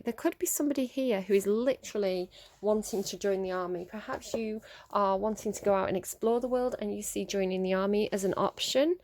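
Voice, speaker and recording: A woman giving a solo tarot reading, musing aloud with halting phrases, frequent ums and restarts, and laughs at her own slips. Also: medium pitch, a little mellow. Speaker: tarot reader.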